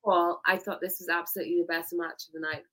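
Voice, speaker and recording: Woman, co-host, casual wrestling chat, bright tone, emphatic, giggly. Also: on the low side, level tone, very fast, poor audio. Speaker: podcast co-host.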